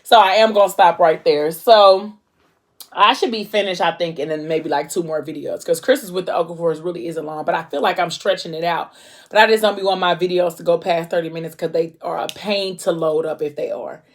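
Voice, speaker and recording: A woman's voice: on the low side, steady tone, fairly quick. A woman vlogger casually retelling a novel, talking loosely with lots of "like". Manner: casual, heavy use of filler "like".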